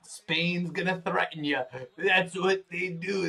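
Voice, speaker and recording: Man, livestream host, slightly high voice, joking and crude, rambling casual banter. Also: measured pace, creaky, pushed and bright. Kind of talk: casual live watch-party commentary.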